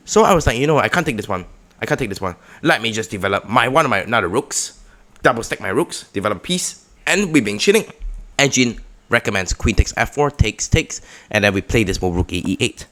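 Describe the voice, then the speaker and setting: A man giving casual, excitable commentary on his own chess game, with sudden loud outbursts. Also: lowish voice, fast talker. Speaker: chess vlogger.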